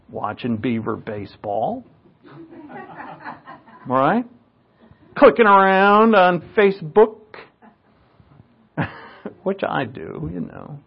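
A man's voice: on the high side, gravelly, lo-fi sound. A man preaching a conversational sermon, with joking, self-mocking asides.

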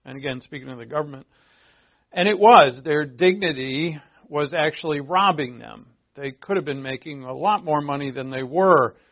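Male pastor, gravelly and a touch high, conversational sermon, muffled lo-fi recording. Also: normal speed. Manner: conversational, asides to the audience. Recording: dull lo-fi recording.

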